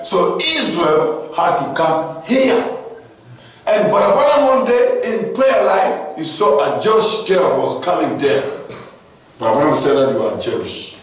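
Preacher in a very echoey hall. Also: male voice, high voice. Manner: animated, repeatedly asking the congregation "do you understand?". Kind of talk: sermon storytelling. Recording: very echoey hall, heard from a distance.

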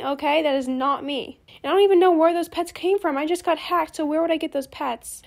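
High-voiced teen girl gaming vlogger. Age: teens. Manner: earnest, rambling, repeats thanks. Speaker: gaming YouTuber. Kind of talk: casual gameplay voice-over.

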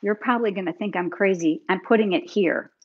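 Brisk and breathy-edged, a medium-pitched middle-aged woman livestreams a card-making lesson, cheerfully chatting right to her viewers. She demonstrates with busy hands at a craft table, and the recording has its highs cut off.

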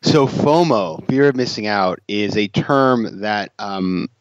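A man's voice: lowish voice, takes it slowly, no room sound, muffled recording. A man talking as a guest on an interview podcast, chatty and self-deprecating, laughing easily. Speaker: guest author and investor. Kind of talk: interview conversation.

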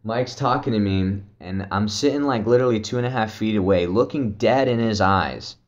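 A man's voice: on the low side, normal speed, highs cut off. A young man casually telling a story as a vlogger, loose and profane, laughing often and full of fillers. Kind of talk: casual storytelling, trip report.

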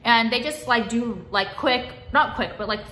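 A woman's voice: fairly high pitch, normal speed, pushed and bright. A woman vlogging a casual, exasperated rant, swearing freely and saying "like" constantly. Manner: exasperated, sweary, heavy use of "like". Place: car.

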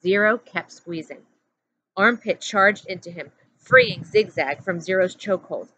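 A woman teacher reading a chapter book aloud in a steady, plain narrating voice. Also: medium pitch, unhurried. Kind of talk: storybook read-aloud. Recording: dull lo-fi audio with faint hum.

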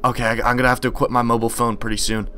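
A man's voice: medium pitch, flat delivery, rapid-fire, pushed and bright, faint music behind. A young man giving nervous, jumpy running commentary as he plays a horror game, talking to himself the whole way. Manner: jumpy, nervous, talks to himself while playing. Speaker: gaming channel host.

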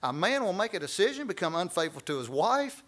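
A man leading a church Bible study, preaching with animated, folksy asides. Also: high voice, fairly quick. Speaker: pastor.

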